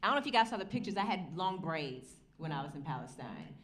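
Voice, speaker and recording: Addressing a panel audience in a university lecture hall, an American woman talks fast in a low, slightly bright voice with big swings in pitch. She's earnest and forceful, asks rhetorical questions, and only now and then puts on a Southern accent. Recorded from afar, the roomy space carries faint ambient noise.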